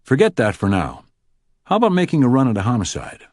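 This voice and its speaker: A man voicing a gruff, sarcastic FBI supervisor in an audiobook, brisk and clipped. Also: medium pitch, huge pitch swings, a little mellow, dry recording, clean studio sound, pitched above the performer's own voice. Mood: sardonic. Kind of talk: audiobook character voice.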